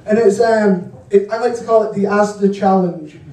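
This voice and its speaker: High-voiced young comedian, far off. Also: male voice, moderate pace. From Hull, England. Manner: deadpan one-liners with frequent ums and crude punchlines. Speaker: stand-up comedian. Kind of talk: stand-up comedy set. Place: hotel function room comedy gig. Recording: echoey, distant live room recording with noise.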